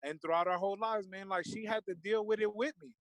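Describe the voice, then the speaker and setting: A man talks with a high voice, earnest and openly emotional, with loose fillers and restarts. The sound is dry and close, with no room around it. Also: fairly even intonation, quick pace, fairly bright tone, no echo, low-quality recording. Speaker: guest. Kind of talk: casual discussion.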